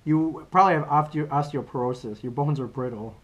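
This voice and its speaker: A man's voice: a little high, a little fast, muffled recording. A man co-hosting a podcast, chatting casually and telling a story with loose restarts and fillers. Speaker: podcast co-host. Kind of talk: casual chat.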